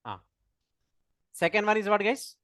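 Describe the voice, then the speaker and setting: High-voiced Indian English programming teacher. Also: male voice, very animated, measured pace, fairly bright tone, no echo, clean studio sound. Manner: quizzes students, repeats key terms, corrects pronunciation. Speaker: programming instructor. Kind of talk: live classroom lecture.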